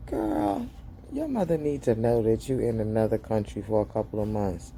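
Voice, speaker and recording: A woman giving a casual, gossipy recap of a TV episode to her viewers. She is animated and acts out the characters' lines in high voices. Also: brisk, slight background noise. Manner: chatty, gossipy, talks straight to viewers as "girl". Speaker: show recap host.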